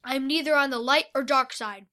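A hot-tempered male cave dweller, read aloud by a woman narrator. He barks his lines loudly with a bright, forceful edge, quick to lash out in a storybook reading. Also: sits high. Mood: angry. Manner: forceful, angry outbursts.

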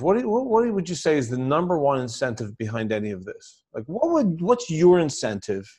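A man hosting a podcast interview, talking in an energetic, rambling way with frequent restarts and easy laughter. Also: a little high, husky. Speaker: podcast host.

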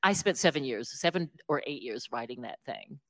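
A woman author being interviewed, telling stories in an animated, self-deprecating way and laughing often. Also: a bass voice, fairly quick. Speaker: author guest. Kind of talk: conversational interview storytelling.

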